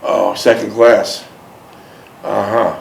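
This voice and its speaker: A man's voice: fairly low pitch, level tone, slow pace, creaky. A man hosting an interview, patiently asking questions and repeating them. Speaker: interviewer host. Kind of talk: casual interview. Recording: roomy echo.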